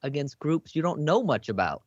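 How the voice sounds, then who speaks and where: A man's voice: fairly high pitch, sing-song, normal speed, no room sound. A man playing his character at a tabletop game, blunt and menacing. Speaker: player. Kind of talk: tabletop role-play. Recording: dull lo-fi stream audio.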